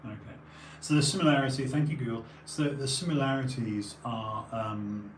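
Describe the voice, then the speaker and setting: A man's voice: mid-range voice, moderate pace. A man rambling casually on a stream, tired and sniffly, full of digressions and restarts. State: runny nose, tired. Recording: echoey room, faint background noise.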